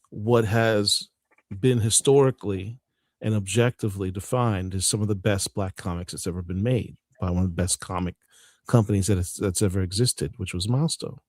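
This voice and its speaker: A man's voice: lowish voice, darkish tone, no echo, studio quality. A male podcast co-host in casual chat, speaking earnestly and building with feeling.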